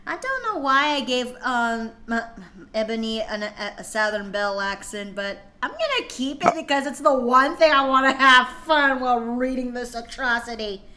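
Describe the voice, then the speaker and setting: High, bright, dramatic woman streamer. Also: expressive, moderate pace. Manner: dramatic, exasperated, swears and laughs a lot. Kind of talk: live stream chat while reading fan fiction.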